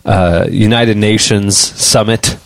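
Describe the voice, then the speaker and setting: A man's voice: on the low side, steady tone, slow pace, vocal fry, no echo. A man hosting a podcast, steering the chat and asking his guest questions. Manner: steering, interviewing. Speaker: podcast host.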